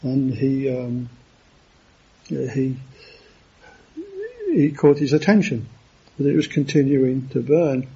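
Guy giving a sermon, husky mellow voice, kinda stop-start, muffled lo-fi recording. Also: medium pitch, fairly even intonation. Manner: halting, with many fillers and restarts. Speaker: preacher.

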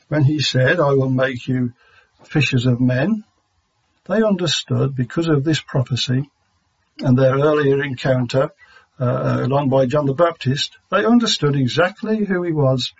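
A man teaching a sermon on Scripture in a measured, halting way with frequent pauses and fillers. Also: medium pitch, breathy edge. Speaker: Bible teacher. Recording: dull lo-fi recording.

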